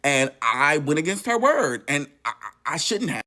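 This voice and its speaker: A man telling a painful personal story in an emotional, profane, animated way. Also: on the high side, normal speed. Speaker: storytelling vlogger.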